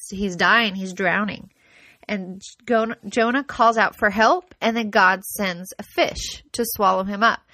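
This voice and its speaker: A woman's voice: medium pitch, fairly bright tone, dry recording. A woman with a mid-range voice reads scripture and then explains it in a devotional teaching. Her delivery is earnest and conversational, with small restarts as she works through each point. The recording is close and dry. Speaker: Bible teacher.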